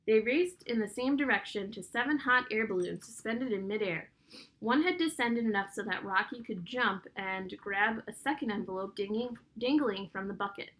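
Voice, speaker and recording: A woman reading a children's novel aloud in a steady, clear storytelling voice. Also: mid-range voice, normal speed. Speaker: audiobook narrator.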